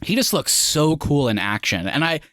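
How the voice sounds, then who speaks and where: A man's voice: a little high, big pitch swings, normal speed, a bit bright, no room sound, clean studio sound. A man co-hosting a casual film review chat, rambling and leaning on "like" as he acts out scenes. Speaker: podcast co-host.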